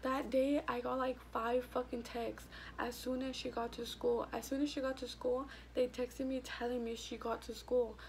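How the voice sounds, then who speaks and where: A young woman tells a story from her school days in a blunt, profane, animated way. Her voice sits a little high and has a gravelly, fried edge. A faint hiss runs under the home vlog recording. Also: moderate pace. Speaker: vlogger. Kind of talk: casual storytime.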